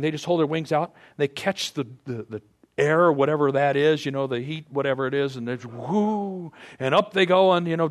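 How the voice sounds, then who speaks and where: A man speaks to a group in a loose, rambling motivational talk, stumbling over restarts and drifting into playful asides. He mimics animal noises now and then. His pitch sits in the ordinary middle range. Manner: imitates animal sounds.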